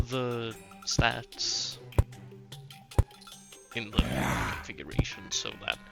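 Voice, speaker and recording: Slow, gravelly man narrating gameplay. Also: medium pitch. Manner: rambling, explains step by step with fillers. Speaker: gaming YouTuber. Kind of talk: casual gameplay commentary. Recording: loud background game music.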